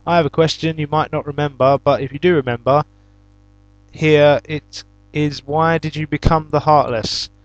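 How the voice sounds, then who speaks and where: A man's voice: a little high, fairly even intonation, moderate pace, no room sound, muffled recording. A young British man hosting a gaming channel, casually answering viewer questions and telling stories in a chatty, exasperated way. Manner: chatty storyteller, flares into loud exasperated shouts. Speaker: YouTube gaming channel host.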